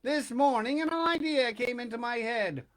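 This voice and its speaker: A man voicing a hot-tempered, lively little old man who makes wooden puppets, speaking loudly in a storybook reading. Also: extremely high pitch, moderate pace, pitched above the performer's own voice. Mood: eager. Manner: loud, hot-tempered and indignant.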